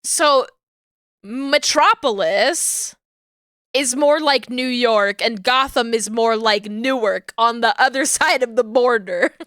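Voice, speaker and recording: Bright, high-voiced chatty woman streamer. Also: takes it slowly, no room sound, studio quality. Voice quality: high natural register, finds low voices hard. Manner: chatty, laughs often, reads out chat. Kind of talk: casual chat while streaming a game.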